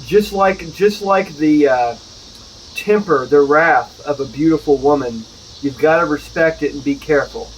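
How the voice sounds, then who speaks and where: A man's voice: fairly high pitch, measured pace, slight background noise, rough recording. Chatty man reviewing whiskey outdoors. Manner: chatty, jokey, self-correcting asides. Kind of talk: casual solo review. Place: outdoors at home, with neighbors nearby.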